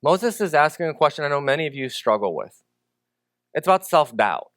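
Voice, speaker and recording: A man's voice: on the high side, big pitch swings, fairly quick, fairly bright tone, no room sound, studio quality. A male pastor preaching a sermon in a conversational way, with joking asides.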